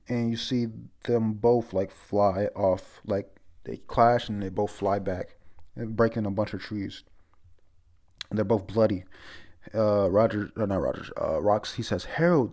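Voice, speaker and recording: A man's voice: on the low side, unhurried, darkish tone. A man casually recapping a comic chapter as he reads, rambling with lots of fillers and self-corrections. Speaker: comic reviewer.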